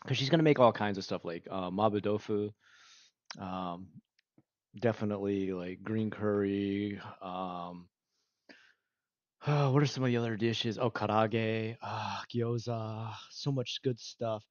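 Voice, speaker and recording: A man's voice: fairly low pitch, a little slow, no room sound, dull audio. A man chatting casually with his stream viewers, rambling and laughing often. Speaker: livestreamer. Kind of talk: casual livestream chat with viewers.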